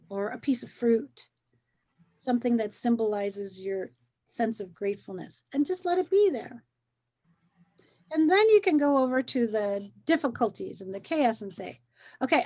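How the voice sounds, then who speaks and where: A woman coaches in a gentle, encouraging way, often circling back and repeating her phrases. Her voice sits a little high. She talks like a host in a relaxed wellness conversation.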